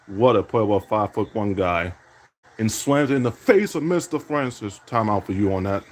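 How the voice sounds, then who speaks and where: A man's voice: fairly low pitch, lively intonation, moderate pace, a little mellow. A man playing a basketball video game, calling his own plays and teasing his opponent with repeated catchphrases. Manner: trash-talking, teasing opponent; catchphrase-heavy, repeating "indeed". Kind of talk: self-commentary while gaming.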